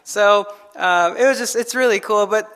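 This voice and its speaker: Animated conversational male pastor. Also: sits high, moderate pace, clean tone. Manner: conversational, animated storytelling with acted-out quotes. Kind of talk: sermon.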